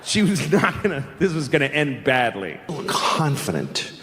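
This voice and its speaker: A man's voice: fairly high pitch, normal speed. Profane man in his forties doing stand-up. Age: 40s. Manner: profane, deadpan storytelling. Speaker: stand-up comedian. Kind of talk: stand-up storytelling. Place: live stage with an audience. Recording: live hall recording with long reverb.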